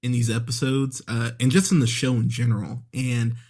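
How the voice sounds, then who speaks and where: A man's voice: mid-range voice, level tone, moderate pace, darkish tone. Man, podcast host, casual review, frequent self-corrections, acts out quoted lines. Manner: conversational, re-voices characters when quoting scenes.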